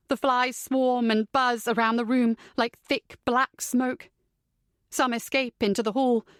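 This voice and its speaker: A woman's voice: a little high, dry recording, studio quality. A woman narrating a first-person psychological thriller audiobook in a tense, dramatic way.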